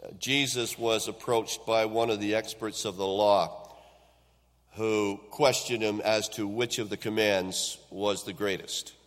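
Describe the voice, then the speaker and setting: A man preaching a Sunday sermon in a church. His voice rises into loud, emphatic build-ups and then drops into quiet endings. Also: lowish voice, fairly even intonation, unhurried. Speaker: pastor. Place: church sanctuary. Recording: long hall reverb.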